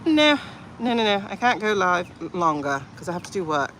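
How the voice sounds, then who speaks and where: A woman's voice: on the low side, lively intonation, fairly quick, a bit bright, slight background noise. A woman hosting a casual livestream, chatting in a rambling, playful way with lots of asides. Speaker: livestream host.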